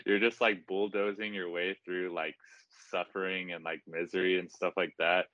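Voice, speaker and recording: A young man, a student, talking on a video call in a halting way, filling his sentences with "like". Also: low-pitched, level tone, bright, forceful tone, dry recording. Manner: halting, with many "like" fillers. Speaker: student guest. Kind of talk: casual chat on a video call. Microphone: noise-canceling mic on a video call. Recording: dull, lo-fi video call audio.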